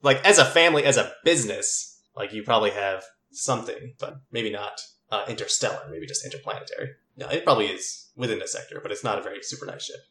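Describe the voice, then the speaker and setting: A man's voice: lowish voice, quick pace, hardly any pauses, pushed and bright. Casual male game master, echoey room. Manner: casual, filler-heavy, laughs easily. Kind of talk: running a tabletop game. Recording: roomy echo.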